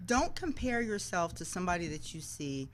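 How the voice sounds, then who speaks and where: Brief: woman, TV anchor guest, lowish pitch, animated anecdotes, acts out quoted lines. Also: normal speed, slight background noise, rough recording. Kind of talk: casual interview storytelling.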